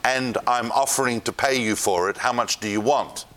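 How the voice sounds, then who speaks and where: A man's voice: medium pitch, moderate pace, a bit bright, close to an everyday voice. A man voicing a demanding king who presses to buy a field while retelling a story. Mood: insistent. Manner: insistent, pushy. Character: demanding grown male king, wheedling.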